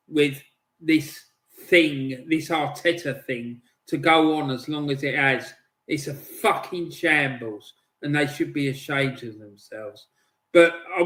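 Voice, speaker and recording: A man giving a fiery, sweary pre-match team talk as a football fan streamer, ranting and shouting orders. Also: high voice, echoey room, low-quality recording.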